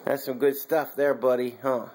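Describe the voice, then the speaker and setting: A man's voice: mid-range voice, little pitch movement, moderate pace, a little mellow, slight background noise. A man feeding his young child at home, coaxing him to say words and laughing often. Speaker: father feeding his toddler. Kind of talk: casual home video chat.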